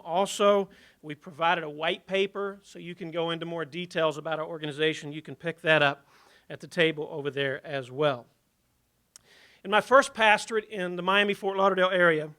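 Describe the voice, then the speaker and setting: Middle-aged Southern man, high bright voice, folksy speaker. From Virginia. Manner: folksy and conversational. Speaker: ministry leader. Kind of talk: speech to an audience.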